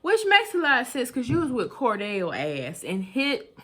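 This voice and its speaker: A woman's voice: a little high, huge pitch swings, normal speed, a bit bright. A woman vlogger hosting a gossip segment, talking straight to her viewers in a sassy, chatty way, laughing and exclaiming between remarks. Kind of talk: casual celebrity gossip commentary.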